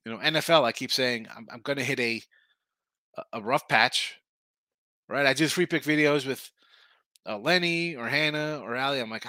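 A man's voice: mid-range voice, normal speed, long pauses, sharp tone, no room sound. A man hosting a sports betting show, rambling in casual talk and often repeating himself.

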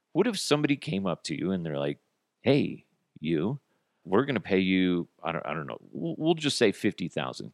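A man hosts a podcast with a fairly deep voice that jumps up and down in pitch as he tells stories. He talks casually, swears often and acts out people's lines in put-on voices. The sound is dry and close to the mic. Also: no echo. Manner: profane, animated storytelling with put-on voices. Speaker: podcast host. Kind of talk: casual solo monologue.

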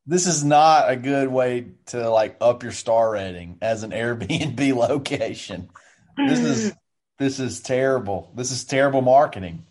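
A man in casual chat, reacting to a friend's story with quick joking comebacks. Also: mid-range voice, expressive, darkish tone.

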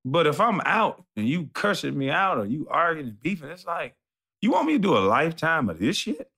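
A man in a blunt, profane ranting monologue, animated and telling stories with quoted voices. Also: fairly high pitch, a little fast, creaky, slightly rough.

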